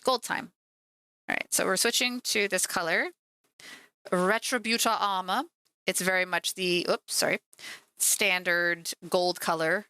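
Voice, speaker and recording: A woman's voice: lowish voice, steady tone, a little slow, long pauses, pushed and bright, smooth, no room sound. A woman streaming as she paints miniatures, chatting casually and teasing her cat at home. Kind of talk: casual live-stream chat.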